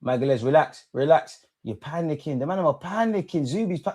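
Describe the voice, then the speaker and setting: A young man hosting a live football watch-along, reacting excitedly, swearing at the referee and telling the players to calm down. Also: a little high, a little fast, hardly any pauses. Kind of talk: live match reaction commentary.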